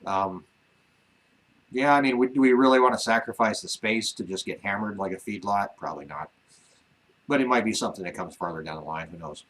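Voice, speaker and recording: A man's voice: lowish voice, a little fast, a bit bright, rough recording. A man co-hosting a casual ranch livestream, talking in an easygoing way with lots of fillers and restarts and some teasing. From Wyoming. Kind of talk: casual live-stream chat.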